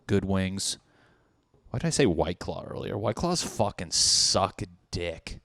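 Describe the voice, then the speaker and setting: A man in his thirties, fairly low-voiced, hosting a comedic solo podcast. He rambles through party scenarios and swears constantly. His voice sounds dry and close, with no room echo. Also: very animated, slow, fairly bright tone. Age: 30s. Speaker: podcast host. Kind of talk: casual comedic monologue.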